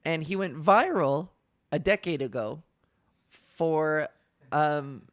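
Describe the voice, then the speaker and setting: A young woman hosting a podcast, telling stories in a casual, animated way with lots of fillers. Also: sits low, slow pace, no room sound. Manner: animated storytelling with frequent laughs and fillers. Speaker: podcast host. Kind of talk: casual chat.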